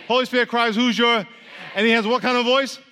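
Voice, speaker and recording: A man preaching a lively, interactive sermon, playfully teasing the congregation and leading them in repeat-after-me chants. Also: very high-pitched, fast talker, smooth. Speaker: pastor. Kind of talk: interactive sermon with call-and-response. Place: church hall. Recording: long hall reverb.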